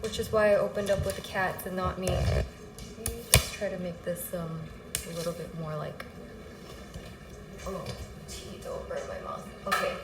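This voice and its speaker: A woman's voice: fairly low pitch, level tone, moderate pace, pauses often, very noisy. A woman streamer chatting casually while sick and out of breath, rambling, apologizing and getting sidetracked. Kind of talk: casual livestream chat. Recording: echoey room, faint music behind.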